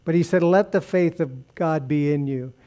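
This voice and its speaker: A man preaching a sermon in a church service, speaking earnestly and dropping soft when he prays. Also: fairly high pitch, moderate pace. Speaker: pastor. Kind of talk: sermon and closing prayer.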